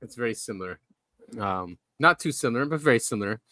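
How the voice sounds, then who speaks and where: A man's voice: medium pitch, animated, fast, crowd noise. Chatty man hosting a podcast. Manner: chatty, explains things eagerly. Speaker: podcast host. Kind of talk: casual chat.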